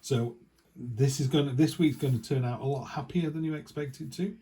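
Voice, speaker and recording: A man's voice: mid-range voice, normal speed, dark tone. A man giving a casual tarot reading, chatty and rambling with lots of asides. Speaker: tarot reader.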